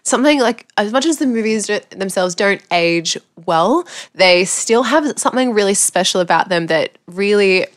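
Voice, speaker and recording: A woman's voice: mid-range voice, expressive, moderate pace, few pauses. A woman co-hosting a casual movie podcast, chatty and self-deprecating. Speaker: podcast co-host. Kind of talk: casual chat.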